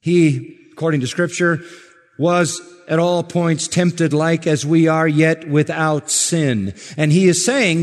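A man preaching a sermon to a congregation, measured and emphatic, stressing words slowly. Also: a little high, fairly even intonation, in a large hall. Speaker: pastor.

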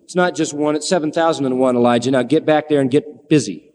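A man's voice: fast, darkish tone, slight background noise. Male preacher, folksy storytelling sermon, acts out the scripture voices, long hall reverb. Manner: folksy, acts out biblical voices with big pitch swings.

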